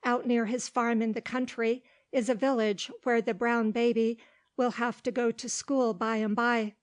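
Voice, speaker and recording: A woman's voice: a little high, little pitch movement, a little slow, close to an everyday voice. A woman reading the lines of an old, gossipy male dog who talks in a folksy, ungrammatical way.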